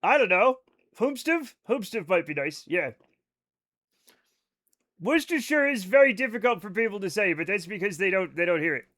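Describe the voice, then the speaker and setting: A man streaming a game live, talking in a high voice with a bright, forceful edge. He rambles and jokes loosely, swearing freely as he chats to his viewers. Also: lively intonation, moderate pace, pauses often. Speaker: livestreaming gamer. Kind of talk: casual live-stream chat.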